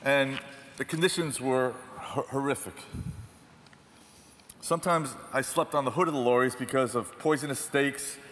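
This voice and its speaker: A man's voice: mid-range voice, normal speed. Man telling stories in a large hall. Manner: self-deprecating, animated storyteller. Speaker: photojournalist speaker. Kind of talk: storytelling talk on stage. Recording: distant reverberant hall, faint noise.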